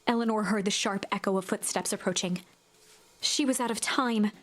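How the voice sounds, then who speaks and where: A woman narrating a story-driven game in a measured, gentle storytelling voice. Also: medium pitch, natural voice.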